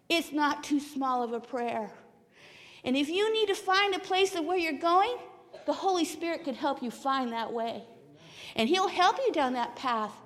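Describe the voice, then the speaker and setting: A woman telling a Bible story to children in church, animated, with hushed whispers. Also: sits high. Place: church sanctuary. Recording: long hall reverb of a church.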